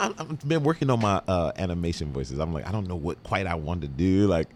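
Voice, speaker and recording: A man's voice: low-pitched, lively intonation, brisk, a little hiss or hum. A man being interviewed, easygoing and laughing often, sometimes repeating words as he talks. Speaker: Broadway actor guest. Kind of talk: casual interview chat.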